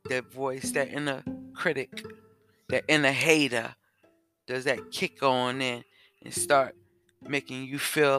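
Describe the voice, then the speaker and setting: A man hosting a self-help podcast, talking slowly and repeating questions to the listener. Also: medium pitch, pushed and bright. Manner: slow, repetitive, asks the listener questions. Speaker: podcast host. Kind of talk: reflective self-help talk.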